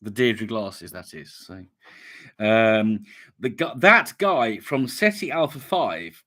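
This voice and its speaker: A man's voice: on the low side, lively intonation, slow pace, bright, forceful tone. A man hosting a casual live stream, chatting in a rambling way as he greets viewers and reads out their comments. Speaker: YouTube channel host.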